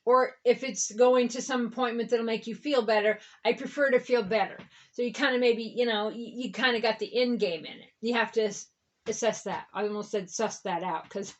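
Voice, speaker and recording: A woman's voice: fairly high pitch, lively intonation, moderate pace. A woman reverend giving a rambling spiritual talk in a conversational way, often checking in with "okay?" and "right?". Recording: dull lo-fi recording.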